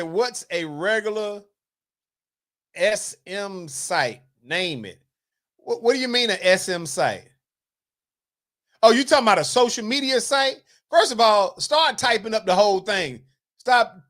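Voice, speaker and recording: A livestream host from the Carolinas, reading out viewer comments and answering them in a loose, chatty way. The talk is playful and teasing, with mock scolding aimed at the chat, at a middling pitch. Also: a bit bright. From North Carolina, US South.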